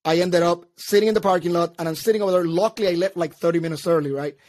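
A man with a notably high voice tells stories in a lively, casual way, jumping into the voices of the people in his tale. The recording is dry and close, with no room sound. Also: rapid-fire, dry recording. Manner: animated, acts out both sides of his story, laughs at himself. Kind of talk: casual storytelling chat.

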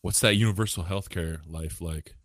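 Deep-voiced american dude hosting, relaxed questions, dry close mic. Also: male voice, moderate pace, dry recording. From United States. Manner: laid-back, asks questions, says "man" and "dude". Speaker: podcast host. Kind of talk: casual interview chat.

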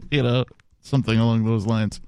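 Chuckling radio host, dry studio sound. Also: male voice, medium pitch, steady tone, a little fast, a little mellow, smooth, no room sound. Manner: laughs often, rambling with filler words. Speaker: radio talk show host. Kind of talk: casual talk radio banter.

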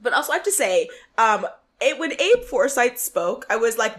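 A woman's voice: on the high side, normal speed. A young woman co-hosting a podcast, chatting casually about a reality show, giggly and full of fillers. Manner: animated, giggly, lots of fillers. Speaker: podcast co-host.

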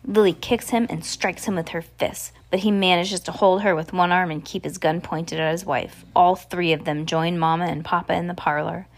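Low-voiced woman reading a ghost story. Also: moderate pace, few pauses. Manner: expressive, with casual asides. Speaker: storybook reader.

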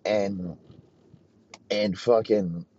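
A man telling a crude, rambling comedic story in a profane, deadpan way. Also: lowish voice, very slow, a little hiss or hum. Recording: dull lo-fi recording.

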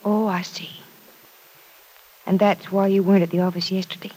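An actress playing a caring, anxious young woman in a 1940s radio drama, speaking gently and earnestly. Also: medium pitch, level tone, moderate pace, slightly rough, close to an everyday voice, low-quality recording.

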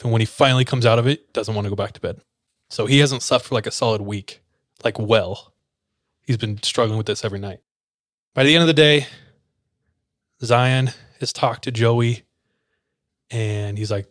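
A man's voice: medium pitch, moderate pace, no room sound, clean studio sound. A man telling a story in a loose, conversational way, full of filler words, acting out what people said. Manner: loose and conversational, many filler "like"s, acts out quoted lines. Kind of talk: casual spoken storytelling.

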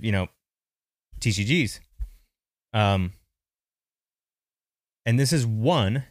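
Male podcast host, lowish voice, dry close mic, casual rambling commentary. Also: dry recording. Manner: chatty, thinking aloud with restarts.

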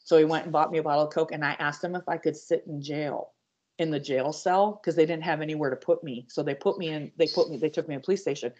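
A woman's voice: low voice, steady tone, a little mellow. Woman telling her story, dull lo-fi audio. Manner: earnest, halting, addresses listeners directly. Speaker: podcast guest. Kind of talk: personal testimony storytelling.

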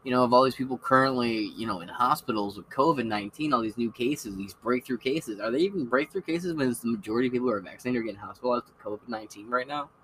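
Bright-voiced, profane, rambling podcast host, a man. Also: medium pitch, fast, hardly any pauses, slight background noise, rough recording. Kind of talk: casual monologue.

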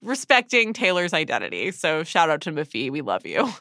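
A podcast co-host talking through a TV episode in casual chat. The voice is bright and forward, animated, and full of "like". It is recorded close and dry with no room sound. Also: mid-range voice, a little fast, dry recording. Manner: chatty, animated, peppered with "like".

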